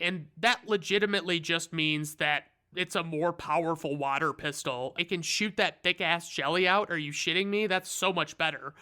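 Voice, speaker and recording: A man's voice: high-pitched, pushed and bright, smooth. A man giving a comedic, sarcastic movie recap, rambling and swearing freely. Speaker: reviewer.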